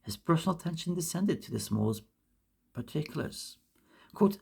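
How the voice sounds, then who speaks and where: Gravelly, husky woman reading an essay. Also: low-pitched, animated, moderate pace, long pauses. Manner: emphatic, restarts misread words. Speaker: reader. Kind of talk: reading a classic essay aloud.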